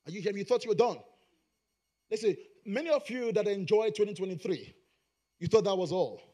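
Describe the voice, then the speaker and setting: A middle-aged male pastor preaching a sermon, rising into shouted, sing-song emphasis. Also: sits high, lively intonation, fairly quick.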